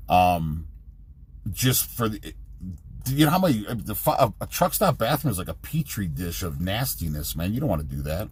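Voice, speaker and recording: Middle-aged male trucker, casual rambling vlog delivery, profane, average pitch. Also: husky. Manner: rambling, profane, jumps between topics. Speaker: truck driver vlogger.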